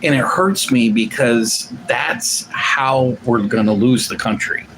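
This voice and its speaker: A man's voice: medium pitch, slow pace, fairly bright tone, a little hiss or hum, low-quality recording. Rambling, emphatic man streamer. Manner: reads out and answers viewer comments. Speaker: livestream host. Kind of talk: casual political commentary monologue.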